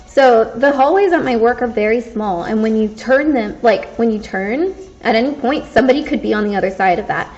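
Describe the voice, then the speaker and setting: A woman's voice: a little high, brisk, few pauses, a little mellow, faint music behind. A young woman vlogging casually, rambling and self-conscious, full of fillers and restarts. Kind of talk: casual storytelling vlog. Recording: dull lo-fi recording.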